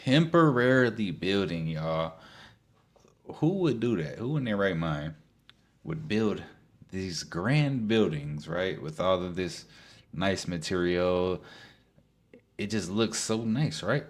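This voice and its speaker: A man's voice: deep voice, animated, takes it slowly, pauses often. A man hosting a video, reacting to clips in a casual, slangy way, incredulous and chuckling between remarks.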